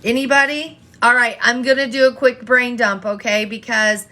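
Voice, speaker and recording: A woman's voice: fairly high pitch, fairly even intonation, moderate pace, sharp tone. A woman coaching an online audience, talking straight to viewers and firing rhetorical questions, often repeating herself. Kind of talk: live-stream coaching talk.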